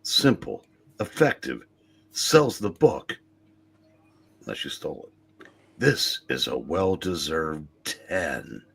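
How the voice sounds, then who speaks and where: A man with a husky voice reading a review like a deadpan movie trailer. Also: a bass voice, takes it slowly, long pauses, slight background noise. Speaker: panelist.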